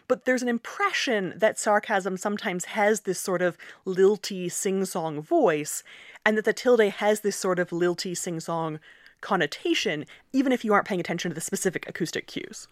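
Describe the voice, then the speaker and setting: Brief: young woman linguist, animated and explanatory, medium pitch, dry close-miked studio sound. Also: normal speed, dry recording. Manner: animated, explanatory, laughs often. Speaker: linguist and author, interview guest. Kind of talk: conversational interview.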